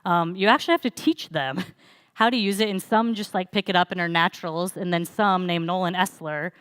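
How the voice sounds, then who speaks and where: A young woman giving a casual church sermon, telling a story in a chatty, relaxed way with light laughs and fillers. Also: on the low side, a little fast, clear, resonant tone, no echo. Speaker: church speaker.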